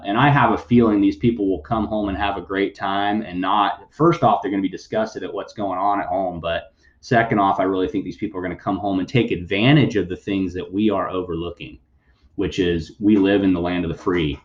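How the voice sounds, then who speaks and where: A man's voice: low voice, fairly even intonation, brisk, reverberant, muffled recording. A man hosting a podcast, giving blunt, sarcastic news commentary and swearing freely. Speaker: podcast host.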